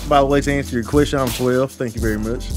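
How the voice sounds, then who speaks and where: Joking Texan man in a country drawl. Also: medium pitch. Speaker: streamer. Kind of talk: casual gaming chat.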